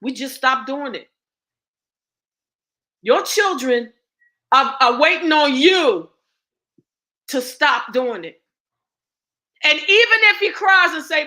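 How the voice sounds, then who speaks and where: A woman's voice: high voice, lively intonation, unhurried, long pauses, bright, forceful tone. A woman speaking as a guest and ritual teacher, blunt and profane, preaching with rhetorical questions. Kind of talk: impassioned spoken address.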